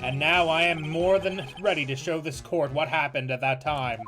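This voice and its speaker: A man's voice: a little high, steady tone, moderate pace, lightly acted. A man voicing a confident young male defense attorney in a fan game reading, with a stiff, formal courtroom delivery. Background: game music.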